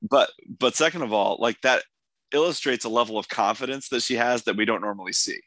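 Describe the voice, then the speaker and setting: Hoarse man hosting a podcast. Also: mid-range voice, a little fast, a bit bright, dry recording. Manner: enthusiastic, rambling with restarts. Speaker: podcast host. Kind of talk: casual episode discussion.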